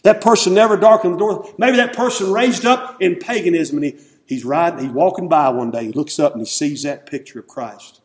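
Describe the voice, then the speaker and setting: A man preaching an emotional sermon in a church, swinging from loud calls to hushed, tender lines. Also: on the high side, brisk. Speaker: pastor. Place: church sanctuary.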